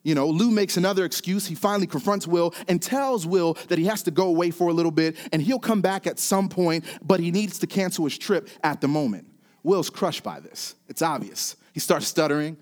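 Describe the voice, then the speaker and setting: A man preaching a sermon, often dropping quiet and then building to emphatic, repeated calls. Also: a little high, brisk. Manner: swings from quiet to rising, emphatic repetition. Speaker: pastor.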